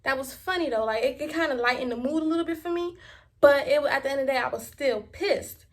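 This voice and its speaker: A young woman from Miami, telling a story in a vlog in an animated, profane and emphatic way. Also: high voice, quick pace. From Miami, Florida. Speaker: vlogger.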